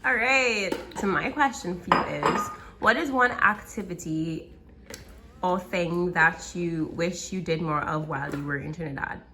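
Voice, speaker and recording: A woman in her twenties chatting playfully with a friend, asking questions and chiming in with quick replies. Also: fairly low pitch, background noise. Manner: playful, chimes in with short replies and laughs. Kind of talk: casual chat.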